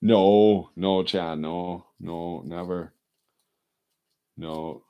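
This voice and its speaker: A man's voice: deep voice, fairly even intonation, very slow, clear, resonant tone, dull audio. A man rambling in casual chat, often repeating himself and swearing freely. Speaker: casual talker.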